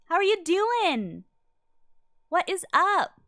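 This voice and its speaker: High-voiced woman streaming, unhurried chat. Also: very animated, sharp tone, dry recording, clean studio sound. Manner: chatty, greets and answers viewers by name, thinks aloud. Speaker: streamer playing a game. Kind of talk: casual live-stream chat.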